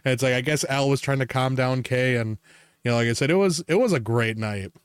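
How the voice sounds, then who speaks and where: A man's voice: medium pitch, a little fast, clear, resonant tone, dry recording, studio quality. Rambling, swearing male podcast host. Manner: rambling storyteller, swears freely and laughs a lot. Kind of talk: casual chat.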